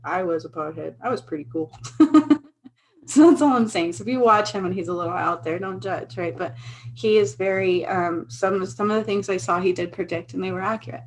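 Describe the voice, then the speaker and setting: A woman's voice: mid-range voice, low-quality recording. A woman in her thirties, talking straight to her phone camera in an earnest, emphatic way and repeating herself. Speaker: spiritual vlogger. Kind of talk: casual talk to camera.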